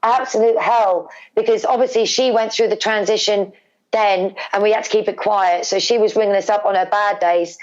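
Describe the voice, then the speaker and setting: A middle-aged woman with a British accent, a guest telling an emotional family story with animated repetition for emphasis. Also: medium pitch, moderate pace. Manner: animated, repeats words for emphasis. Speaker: guest, wrestler's mother. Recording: slightly dull lo-fi recording.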